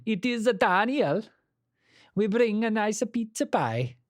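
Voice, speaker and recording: A man's voice: high-pitched, very animated, a little slow, no room sound, studio quality, pitched above the performer's own voice. A man putting on a cheery mock-Italian caricature. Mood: jokey. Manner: sing-song, exaggerated caricature. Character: jokey stereotyped Italian-sounding man, cheery.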